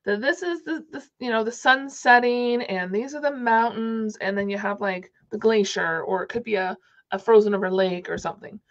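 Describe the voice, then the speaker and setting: A woman's voice: on the high side, moderate pace, highs cut off. A woman giving a casual, chatty crafting tutorial, thinking aloud as she works. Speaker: card-making demonstrator.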